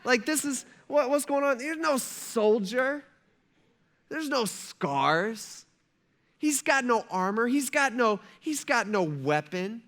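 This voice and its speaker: A man's voice: very high voice, big pitch swings, takes it slowly, a bit bright, voice pushed up, heavily acted. A man voicing a disappointed king who scoffs in disbelief, within a sermon retelling. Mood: exasperated. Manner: incredulous, scoffing. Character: exasperated middle-aged king, disappointed and mocking.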